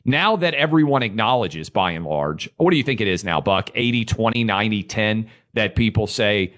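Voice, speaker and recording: A man's voice: on the low side, animated, normal speed, hardly any pauses, a bit bright. A man co-hosting a political talk show, emphatic as he reads out quotes and argues. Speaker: radio co-host.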